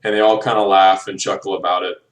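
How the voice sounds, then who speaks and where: A man's voice: low-pitched, little pitch movement, quick pace, recorded from a distance. A young man recording a class presentation, hesitant, with many ums and uhs. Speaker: student presenter. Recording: echoey room, voice from afar.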